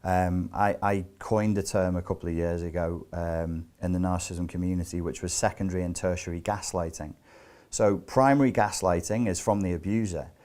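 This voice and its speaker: A man with a fairly low voice teaching a self-help lesson. He lectures emphatically and asks rhetorical questions. His delivery stays loose and conversational, with casual asides. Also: fairly even intonation, moderate pace, a little mellow. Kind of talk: spoken lecture.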